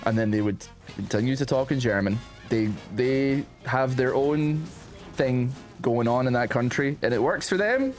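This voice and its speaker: A man, streaming and chatting casually, rambling and animated, often calling his viewers "man". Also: mid-range voice, moderate pace, faint music behind. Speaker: streamer reacting to posts.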